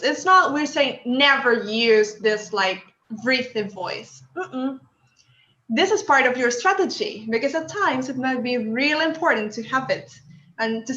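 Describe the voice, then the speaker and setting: A woman's voice: fairly high pitch, pushed and bright. Woman teaching on an echoey video call. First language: Spanish. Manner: encouraging, asks the group questions. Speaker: workshop instructor. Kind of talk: online workshop teaching. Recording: echoey room, dull lo-fi audio.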